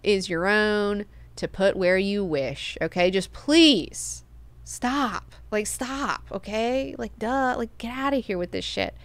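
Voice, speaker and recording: A woman's voice: mid-range voice, slow, dry recording. A woman voicing an ancient male worm god who sounds laid-back and exasperated, using casual slang.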